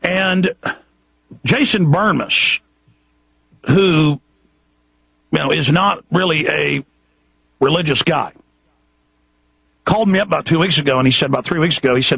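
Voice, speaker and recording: A man's voice: fairly high pitch, a little slow, creaky, long pauses, fairly bright tone, slightly rough, no echo. A man hosting a radio show, ranting in an impassioned, indignant way with many restarts. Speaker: radio host. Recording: dull lo-fi radio broadcast, dry.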